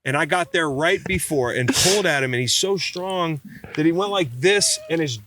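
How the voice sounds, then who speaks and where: A man on a podcast, telling a story in casual chat, animated and swearing, acting out quotes. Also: a little high, normal speed, slight background noise. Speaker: podcast guest.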